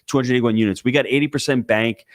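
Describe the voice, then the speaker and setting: A man's voice: medium pitch, fairly even intonation, fast talker, no room sound. Man, conference panel speaker, emphatic coaching delivery, dry close sound. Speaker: conference speaker, real estate investor. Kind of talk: live panel talk. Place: conference stage.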